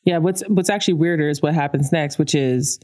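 A woman's voice: low-pitched, fairly quick. A woman co-hosting a podcast, chatting casually and acting out the lines she quotes, with laughs. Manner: animated, acts out quoted characters with laughs. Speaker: podcast co-host. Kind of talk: casual chat recapping a cartoon episode.

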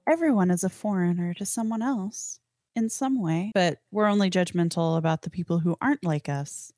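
A woman's voice: fairly low pitch, moderate pace, darkish tone, no room sound, studio quality. Thoughtful female podcast guest. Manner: thoughtful, reflective commentary. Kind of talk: casual podcast chat.

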